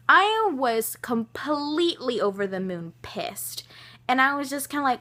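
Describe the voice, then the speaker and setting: An eighteen-year-old woman telling a personal story to her vlog viewers, animated and exasperated, with lots of fillers and restarts. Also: high-pitched, normal speed. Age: young adult. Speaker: vlogger.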